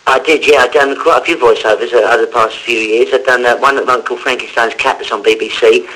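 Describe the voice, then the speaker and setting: A man with an unusually high, squeaky voice. He rattles along quickly with a bright, sharp edge. He is a lively guest telling anecdotes in casual chat. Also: a little hiss or hum, low-quality recording. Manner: chatty, animated storyteller. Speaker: guest comedian and voice actor.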